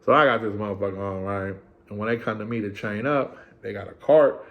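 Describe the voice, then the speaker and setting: A man's voice: lowish voice, brisk, phone-quality sound. A middle-aged man telling a story in casual, profane slang, acting out the people in it and checking in with "right?". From California. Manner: slangy, acts out voices, keeps asking "right?".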